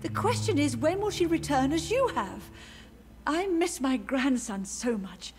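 An actress playing a gentle, wistful older mother who is grieving, in a video game. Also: sits high, very animated, unhurried, music in the background.

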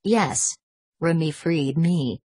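A devoted, earnest henchman answers his master in a low, husky voice, as a woman narrator reads him. His words come slowly. The sound is close and dry. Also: mellow, no room sound, exaggerated voice. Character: devoted male monk henchman, earnest and eager.

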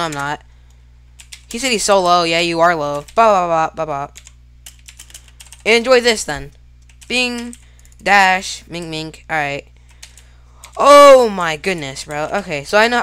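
A woman giving live gameplay commentary, excitable and casual, talking to herself and shouting at big plays. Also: on the low side, moderate pace, clean tone. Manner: casual slang, talks to self while fighting. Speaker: gaming YouTuber.

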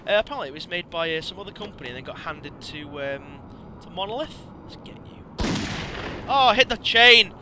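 An excitable man commentates his gameplay in a high voice that leaps all over the place. The noisy home recording has clear background noise running under him. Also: quick pace. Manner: excitable, yelps and swears at the game. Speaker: let's play host.

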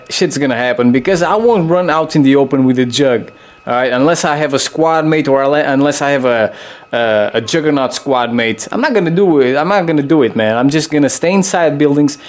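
A young man giving loose, excitable gameplay commentary, swearing freely and jumping into high yelps.

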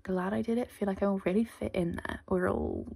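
Chatty woman with a gravelly edge. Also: medium pitch, steady tone, brisk, warm tone. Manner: rambling, chatty, self-deprecating. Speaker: vlogger. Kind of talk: casual diary vlog.

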